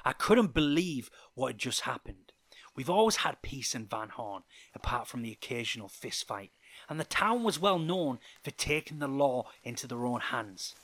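A man's voice: medium pitch, big pitch swings, normal speed, a bit bright. A man reading a first-person fan fiction story in a dramatic storytelling way.

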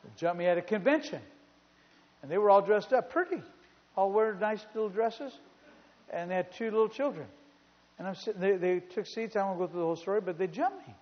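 A male pastor preaching a sermon in a church, telling stories in an animated way and repeating phrases for emphasis. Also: sits high, brisk. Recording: reverberant hall, dull sound.

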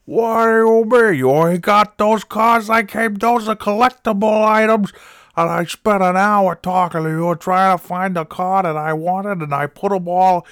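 Guy doing a blustery old man yelling down the phone, higher voice, dry sound. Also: steady tone, a little slow, clear, resonant tone, dry recording. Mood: indignant. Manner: loud, indignant, blustering. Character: angry older male customer, shouting threats.

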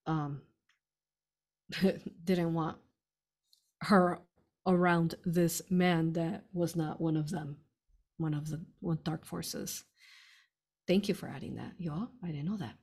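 Casual woman host, low-ish voice, laughs a lot, talks straight to viewers. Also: steady tone, takes it slowly, pauses often, a little mellow, breathy edge. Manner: chatty, laughs often, addresses listeners as "you all". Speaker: spiritual channeler hosting a live stream. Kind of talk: casual spiritual talk answering viewer questions.

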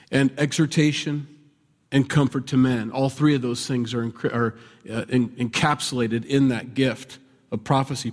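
A man preaching a sermon in a relaxed, conversational way, now and then raising his voice in animated bursts. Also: medium pitch. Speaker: pastor. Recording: long hall reverb.

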